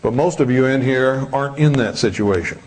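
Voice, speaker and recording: A man's voice: medium pitch, brisk, a little mellow. A man giving a live lecture to an audience in a hall, blunt, combative and preachy. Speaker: public speaker.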